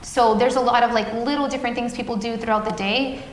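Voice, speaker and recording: Woman guest, fairly high voice, lively storyteller who acts out quotes, in a reverberant café with faint noise. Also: fast. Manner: animated storytelling, acting out quoted dialogue. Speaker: guest, parent of a child with epilepsy. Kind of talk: casual interview conversation.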